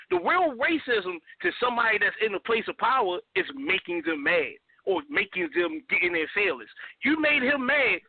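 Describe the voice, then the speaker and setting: A man hosting a casual radio chat show, animated and repetitive, often asking for agreement. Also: very high voice, no echo, narrow, tinny audio. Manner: animated, repeats himself, keeps asking for agreement.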